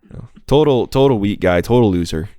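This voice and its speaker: A man's voice: sits low, lively intonation, brisk, no echo, clean studio sound. A man hosting a podcast in casual, mocking chat, often repeating words as he goes. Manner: mocking, sarcastic, repeats words while searching. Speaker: podcast host.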